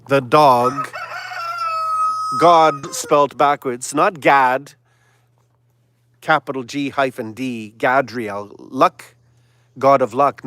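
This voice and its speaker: A man hosting a live stream, delivering a sarcastic, preachy monologue that now and then drops to a hushed whisper. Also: medium pitch. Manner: sarcastic, mocking asides; preachy, sermon-like exhortation.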